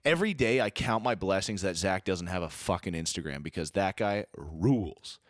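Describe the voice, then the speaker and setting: A man's voice: deep voice, normal speed, dry recording, clean studio sound. A man co-hosting a podcast, ranting and swearing in casual chat. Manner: animated, swears a lot, ranting. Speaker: podcast co-host.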